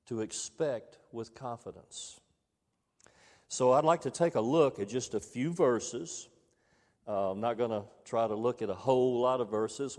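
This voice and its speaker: A man preaching a sermon to his congregation, reading scripture aloud and repeating key phrases for emphasis in a measured way. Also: mid-range voice, darkish tone, in a large hall. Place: church sanctuary.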